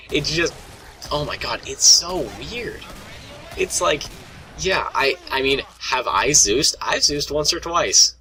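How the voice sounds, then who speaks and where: A man's voice: medium pitch, sharp tone, slight background noise. A young man rambling casually to his viewers about annoying players, full of fillers, restarts and mock voices. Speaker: gaming vlogger. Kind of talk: casual rant to camera.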